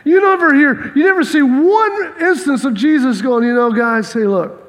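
A male pastor preaching an animated sermon, often repeating words and acting out dialogue. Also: very high-pitched, moderate pace. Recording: long reverb of a large hall.

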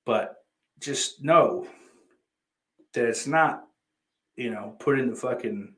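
A man's voice: mid-range voice, slow pace, a bit bright. A young man hosting a live stream, reading viewer comments aloud and riffing on them in a profane, rambling, teasing way. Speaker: livestream host reading chat. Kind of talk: casual live-stream chat.

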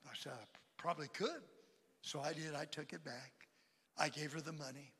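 A man, older, preaching a sermon to a church congregation, swinging between loud emphatic lines and quiet asides. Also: on the high side, sing-song, moderate pace, slightly rough. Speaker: pastor. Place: large church auditorium. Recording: long hall reverb.

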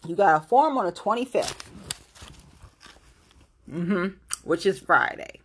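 A woman's voice: on the low side, lively intonation, measured pace, a little hiss or hum. A woman from Ohio, a local political activist, delivering a blunt, profane, confrontational rant to the camera. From Ohio, USA.

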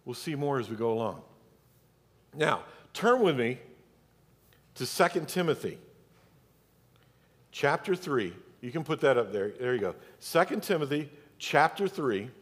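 Male pastor, animated pitch, emphatic sermon to the congregation, long church reverb. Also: unhurried, pauses often, husky. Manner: emphatic, talks directly to the congregation. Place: church sanctuary.

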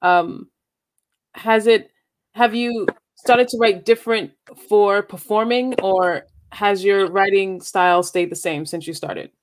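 Woman, interviewer, mid-pitched voice, casual, hesitant fillers. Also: steady tone, slow pace, slight background noise.

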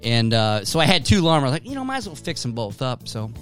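A man's voice: mid-range voice, wildly swooping pitch, fast, faint music behind. A middle-aged man hosting a casual chat, laughing often and swearing freely. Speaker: podcast host.

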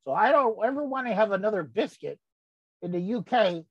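A woman's voice: mid-range voice, lively intonation, fairly quick, breathy edge, no room sound, highs cut off. A woman voicing a cranky, rambling old grandfather who gets sidetracked in a folksy comic monologue. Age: older. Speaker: comedy character host.

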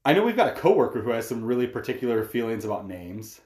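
A man's voice: mid-range voice, big pitch swings, fast, darkish tone. A man with a mid-range voice chats casually on a podcast. He rambles a bit with filler words and laughs easily. The sound carries a roomy echo. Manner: conversational, laughs often, uses "like" a lot. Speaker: podcast co-host. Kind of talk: casual chat.

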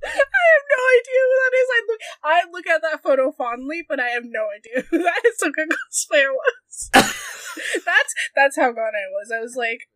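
High, lively young woman laughing through a story. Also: normal speed, dry recording. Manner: giggly, animated storytelling with many fillers. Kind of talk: casual chat.

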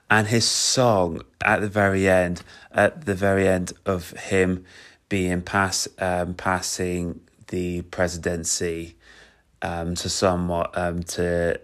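A man's voice: low voice, level tone, takes it slowly, fairly bright tone. A young British man giving a casual, enthusiastic spoken review of a musical, full of fillers and restarts. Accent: British English. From Britain.

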